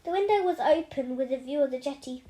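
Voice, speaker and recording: Amateur woman reader, high-pitched, stop-start delivery with many self-corrections. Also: expressive, mellow. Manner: halting, with frequent restarts and self-corrections. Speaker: audiobook reader. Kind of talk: amateur novel reading.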